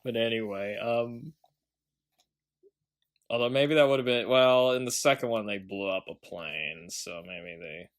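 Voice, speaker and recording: Male podcast co-host, mid-range pitch, loose rambling delivery full of ums and asides. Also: unhurried. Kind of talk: casual film review chat.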